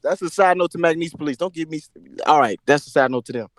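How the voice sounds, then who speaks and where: Brief: young male podcast host, rapid and slangy, tone a little high, dry close sound. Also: no room sound. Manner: animated storyteller, slangy. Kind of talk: casual podcast chat.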